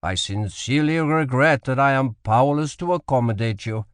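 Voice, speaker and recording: A man's voice: mid-range voice, expressive, normal speed, clean tone, no echo, clean studio sound, close to an everyday voice. A man voicing a formal, unyielding Portuguese colonial governor, speaking with a strong Portuguese accent in an audiobook. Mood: regretful refusal. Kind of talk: audiobook character voice.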